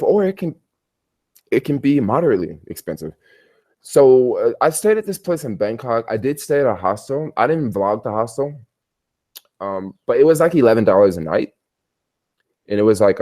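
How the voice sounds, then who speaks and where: A man's voice: fairly low pitch, warm tone. A man chatting casually on a livestream from his hotel bedroom, telling stories in a rambling, slangy way. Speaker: travel vlogger.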